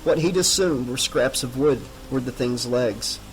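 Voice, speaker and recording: A man narrating a horror novel as an audiobook in a measured, dramatic reading. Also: mid-range voice, a little hiss or hum, rough recording.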